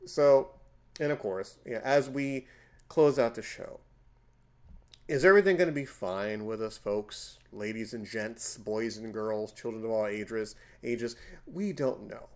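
A man in his forties hosting a casual podcast chat, telling stories with loud, emphatic bursts. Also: lowish voice, unhurried. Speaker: podcast host.

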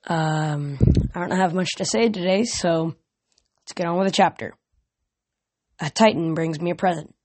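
A man's voice: a little high, moderate pace, long pauses, a little mellow. A young man reading a novel aloud as an amateur reader, plain delivery with small slips and restarts.

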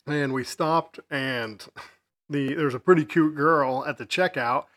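A man's voice: on the high side, a little slow, a bit bright. A man, co-hosting a podcast in casual chat and telling stories while acting out his friends' lines. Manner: laughing storyteller, acts out friends' lines. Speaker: podcast co-host.

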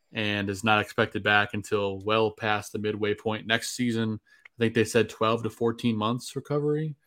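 A man's voice: fairly low pitch, fairly bright tone. Laid-back wisecracking man on a sports podcast. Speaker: podcast guest. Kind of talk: casual sports chat.

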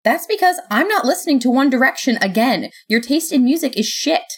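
A woman voicing Death as a literal-minded immortal who speaks flatly and never raises their voice. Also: mid-range voice, fairly quick, close to an everyday voice. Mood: flat deadpan. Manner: flat, even, never raising the voice.

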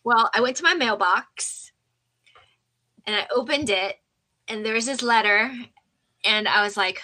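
A woman guest telling a personal story in an animated way, acting out the voices of people she quotes, with frequent fillers and restarts. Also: on the high side, measured pace, long pauses, poor audio. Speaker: interview guest.

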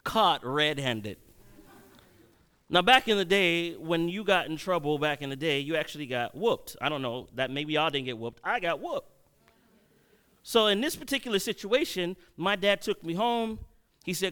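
Bright, clear-voiced man preaching. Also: fairly high pitch, moderate pace. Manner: storytelling, swings from loud to hushed. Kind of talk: sermon.

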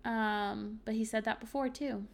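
Chatty young woman, fairly high voice. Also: fairly even intonation, measured pace, creaky. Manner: chatty, frequent ums and likes, candid. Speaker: podcast host. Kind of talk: solo podcast, reading journal entries.

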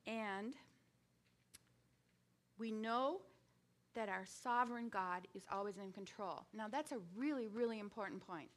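A woman in her sixties giving a conversational sermon with frequent restarts and lively bursts. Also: mid-range voice, unhurried, pauses often. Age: 60s or older. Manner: conversational, with many restarts and sudden bursts of animation. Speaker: speaker giving a devotional talk.

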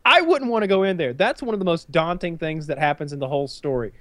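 A man co-hosting a podcast in casual chat, animated and profane, with frequent restarts and fillers. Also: a little high, fast, no echo.

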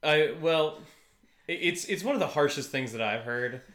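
A man's voice: fairly high pitch, lively intonation, moderate pace, a bit bright, echoey room. A man co-hosting a podcast in a casual chat, rambling and restarting his sentences, often breaking into laughter. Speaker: podcast co-host.

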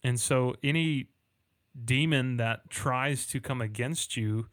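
A man with a mid-range voice, co-hosting a casual faith conversation. He speaks earnestly and slows down when he reads scripture. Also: mid-range voice, a bit bright, no room sound. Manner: earnest, reads Bible verses slowly.

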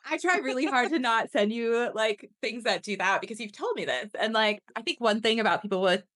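A woman's voice: fairly high pitch, fairly quick, fairly bright tone, dry recording. Chatty woman podcast co-host, dry sound. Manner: chatty, many fillers and laughs. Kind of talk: casual chat. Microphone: remote video call.

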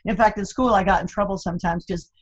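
A woman's voice: medium pitch, fairly even intonation, fast talker, highs cut off. An older woman chatting as an interview guest, telling family stories and laughing often. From Florida, USA. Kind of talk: casual interview chat.

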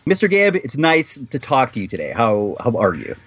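A man's voice: medium pitch, wildly swooping pitch, normal speed, a bit bright, faint music behind. A man chatting on a podcast, joking and self-deprecating, laughing a lot. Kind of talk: casual chat.

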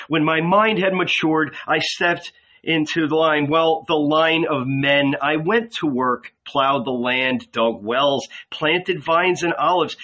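A man doing a gentle, earnest rabbi. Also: on the high side, highs cut off. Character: calm, gentle male rabbi, quietly hurt.

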